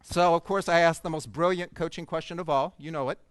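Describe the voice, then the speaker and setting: Guy on stage telling a funny story about himself, clean smooth voice, kinda high, dry sound. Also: steady tone, fairly quick, no echo. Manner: humorous, self-deprecating storytelling to an audience. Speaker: speaker at a coaching conference. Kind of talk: storytelling keynote talk. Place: conference stage.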